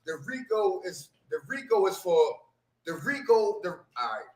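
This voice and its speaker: A man's voice: high-pitched, sing-song, moderate pace, darkish tone. A man in a casual podcast discussion who explains things by repeating key phrases. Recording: roomy echo.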